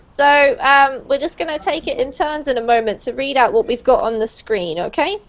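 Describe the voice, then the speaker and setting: Bright-voiced woman teaching pronunciation. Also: high voice, normal speed. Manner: encouraging, praising students. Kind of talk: online group class teaching. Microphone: video call. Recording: muffled lo-fi video call audio.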